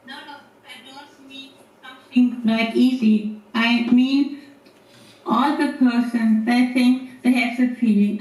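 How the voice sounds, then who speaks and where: A woman asks her question slowly, hesitating and filling gaps with "uh" and "um." Her somewhat high voice carries in an echoey room. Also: a little mellow. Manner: halting, with many fillers. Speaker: audience member asking a question.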